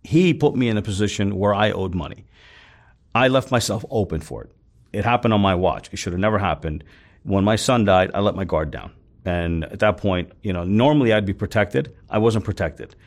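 A man's voice: fairly low pitch, expressive, brisk. A man telling his story as a guest in an interview, acting out what others said and swearing freely, getting emphatic when worked up. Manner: retells scenes with quoted dialogue, swears freely; intense, emphatic when upset.

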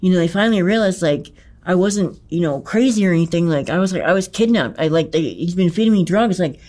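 A man with a fairly high voice tells an interviewer about a personal ordeal. His speech is profane and halting, full of fillers, restarts and emphatic repetitions, and it stays intense throughout. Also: animated, darkish tone. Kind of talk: recounting a personal ordeal in conversation.

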